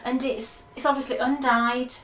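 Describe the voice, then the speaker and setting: A woman's voice: high voice, flat delivery, moderate pace, a bit bright, echoey room. A woman co-hosting a knitting podcast, chatting enthusiastically and rambling about her projects. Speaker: podcast co-host. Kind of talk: casual knitting podcast chat.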